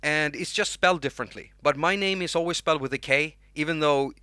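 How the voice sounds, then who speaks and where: Young Swedish-accented male streamer, bright tense voice, dry close sound, rambling and restarting. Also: fairly high pitch, brisk, clear, resonant tone, no room sound. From Sweden. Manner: rambling, restarts words, reads chat names aloud. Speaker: livestream host and music producer. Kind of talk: unscripted livestream chat.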